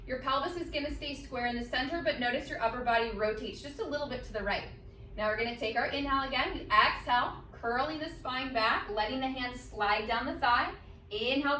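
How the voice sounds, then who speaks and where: A woman instructor calmly guiding a chair Pilates workout, cueing each breath and movement step by step. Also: on the high side, slight background noise. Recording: echoey room, mic at a distance.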